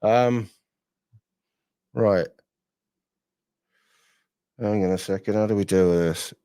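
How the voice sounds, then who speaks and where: A man's voice: on the low side, slow pace, warm tone, clean tone, dry recording, clean studio sound. A man hosting a livestream, talking in blunt, sweary, rambling casual chat. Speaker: livestream host.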